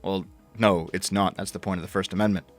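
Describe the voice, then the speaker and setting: A man's voice: low voice, fairly even intonation, fast, soft background music. A man ranting as a political commentator, sarcastic and mocking, with frequent swearing.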